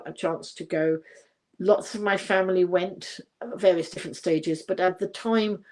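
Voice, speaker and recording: A woman's voice: lowish voice, a little mellow. An older woman hosting a casual livestream, chatting in a rambling way with many fillers and restarts and reading out viewer comments. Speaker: livestream host.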